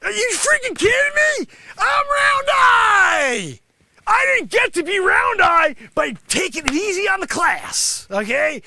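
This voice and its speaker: A man playing a boastful, money-grubbing karate sensei who scolds his class and breaks into shouts. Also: very high voice, sing-song, a little slow, gravelly, no room sound, exaggerated voice. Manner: bragging, scolding, swings into shouts. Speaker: livestream host. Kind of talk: improvised comedy character bit.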